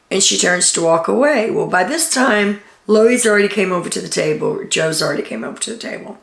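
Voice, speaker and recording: A woman's voice: medium pitch, lively intonation, brisk, creaky, hardly any pauses, a bit bright. A woman recapping a reality TV episode in casual, chatty storytelling, with an occasional "um" as she relays quotes. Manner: chatty storytelling, reads out quotes with filler ums. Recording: echoey room.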